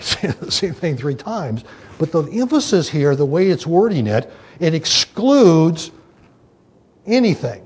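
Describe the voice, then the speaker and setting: A man's voice: mid-range voice, a little mellow, breathy edge. A man teaching a Bible study, explaining the scripture in an emphatic way, with many fillers and restarts.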